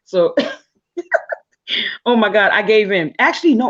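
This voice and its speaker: A woman tells personal stories in a lively, animated way, often restarting and filling pauses. Her voice comes through somewhat dull, lo-fi audio. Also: medium pitch. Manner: animated, laughing, frequent restarts and fillers. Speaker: guest speaker. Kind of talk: casual storytelling on a live talk show.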